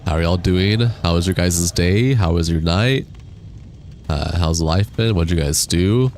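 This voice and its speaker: A man's voice: sits low, measured pace, darkish tone, a little hiss or hum. A man live-streaming a game on a desk microphone, chatting casually, reading chat aloud, laughing and swearing now and then. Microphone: desk USB microphone.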